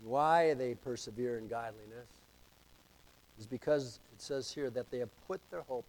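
A pastor preaching a sermon, reading scripture and repeating key phrases with emphasis. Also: male voice, mid-range voice, moderate pace, darkish tone, low-quality recording.

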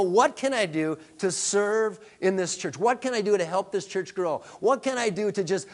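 A male pastor preaching a sermon, emphatic, with rhetorical questions to the congregation. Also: sits high.

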